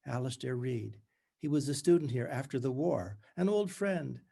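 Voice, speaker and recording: A man voicing a brisk woman tutor in her fifties, with a strangulated voice forced through gritted teeth and a falsely bright, bossy manner. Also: medium pitch, animated, vocal fry, breathy edge. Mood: prim, falsely cheery. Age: 50s. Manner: unbearably faux bright, prim and bossy.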